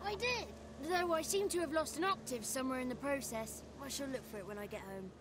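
A woman's voice: sits high, fairly quick, background noise, natural voice. A woman voicing a small grey godling boy who is chatty, cheeky and kind. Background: game music.

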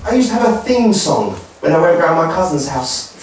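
A young man from performing a stand-up set, telling quick, playful stories and slipping into voices. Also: a little high, very animated. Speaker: stand-up comedian. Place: comedy club stage. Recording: echoey club heard from a distance.

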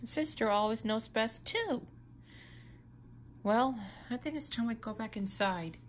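A woman's voice: fairly high pitch, expressive, a little slow, a little hiss or hum. A woman playing a caring, motherly girl superhero who encourages her little sister, in a fan role-play. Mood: gentle, encouraging.

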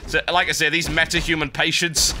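A man giving sardonic, animated commentary over a video game he is playing. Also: fairly high pitch, a little fast, slight background noise. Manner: sardonic, animated, wry complaints. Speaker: gameplay commentator. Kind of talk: let's-play commentary.

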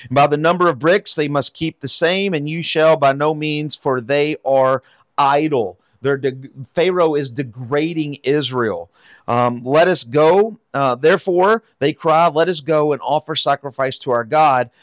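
A man's voice: fairly high pitch, measured pace, dry recording, clean studio sound. Man reading and explaining scripture. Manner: reads scripture then explains it conversationally, with fillers and rhetorical "right?". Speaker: pastor teaching a Bible study. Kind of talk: Bible reading with commentary.

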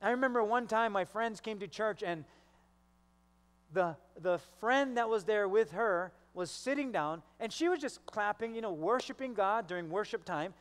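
A man's voice: high voice, expressive, normal speed, smooth, long reverb tail. A male pastor preaching a sermon, telling stories and acting out the voices of the people in them. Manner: storytelling, acts out quoted voices.

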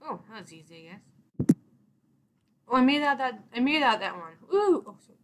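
A woman's voice: fairly high pitch, lively intonation, brisk, background noise. A young woman giving casual gameplay commentary, rambling and exasperated, swearing mildly at the game. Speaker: let's play gamer.

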